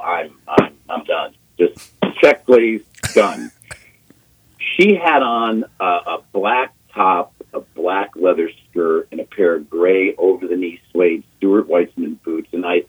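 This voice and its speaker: A man in his sixties, a guest on sports radio, telling an animated story and acting out quotes, repeating himself as he goes. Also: on the low side, husky. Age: 60s. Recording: phone-line call on radio.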